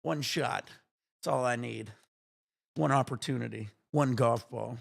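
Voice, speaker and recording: Gravelly excitable man streaming. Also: medium pitch, a little slow. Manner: excitable, swearing, breathless exclamations and laughs. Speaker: livestream gamer. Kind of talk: excited casual livestream chat.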